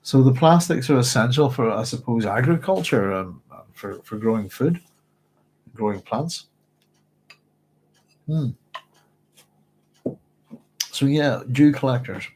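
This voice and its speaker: Host, man, book-club livestream chat, dry scratchy throat, meandering and hesitant, mid-pitched. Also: lively intonation, a little slow, long pauses, a little mellow. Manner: rambling, hesitant, with many fillers.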